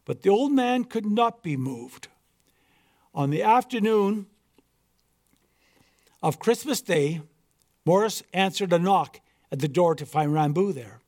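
A man reading a story aloud in a measured, earnest way. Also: high-pitched, lively intonation, darkish tone. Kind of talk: read-aloud story narration.

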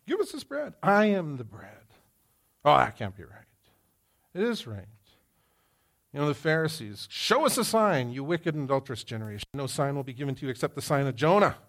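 A man preaching a sermon, moving from quiet reflection to loud, emphatic exhortation. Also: medium pitch, expressive, brisk, pauses often. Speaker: pastor.

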